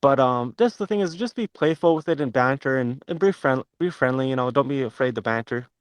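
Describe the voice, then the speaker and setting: A man's voice: medium pitch, animated, brisk, smooth, dry recording. A man in an online audio chat room giving dating advice in an earnest, rambling way, full of fillers and restarts.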